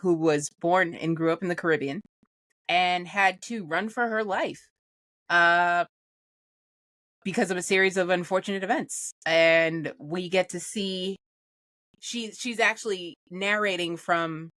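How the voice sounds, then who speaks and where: A woman co-hosting a podcast in casual chat, talking in an animated, opinionated and emphatic way. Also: lowish voice, unhurried, dry recording, clean studio sound. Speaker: podcast co-host.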